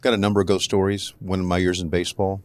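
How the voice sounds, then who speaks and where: A man hosting a podcast, easygoing and pausing with "uh" as he tells a story. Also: low-pitched, little pitch movement, a little mellow, dry recording. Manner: easygoing, hesitant with "uh". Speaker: podcast host. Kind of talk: casual chat.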